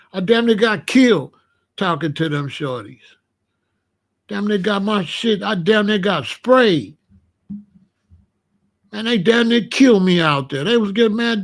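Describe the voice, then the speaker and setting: A man, hosting a casual monologue and telling street stories in blunt, profane language. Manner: drops to low, quiet tones when recounting danger. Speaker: commentary channel host.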